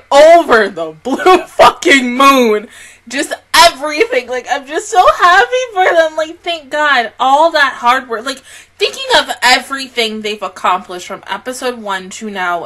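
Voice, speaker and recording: A woman's voice: a little high, pushed and bright. A woman hosting an anime reaction video, talking emotionally and effusively, full of "like" and swearing.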